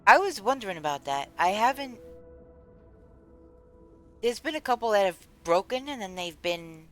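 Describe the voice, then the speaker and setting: A woman from the United States streaming a game, chatting casually and rambling as she answers her chat. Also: mid-range voice. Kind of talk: casual chat while gaming.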